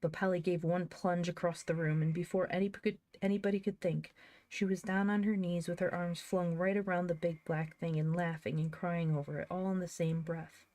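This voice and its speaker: A woman narrating an audiobook of a children's classic in a lively, expressive reading. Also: fairly low pitch, normal speed, no echo. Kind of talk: scripted storybook reading.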